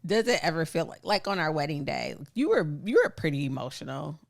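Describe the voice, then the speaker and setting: A woman's voice: low-pitched, sing-song, a little fast, gravelly. A woman in her thirties co-hosting a podcast, talking reflectively and expressively about her feelings, with lots of laughter. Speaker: podcast co-host. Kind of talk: casual chat.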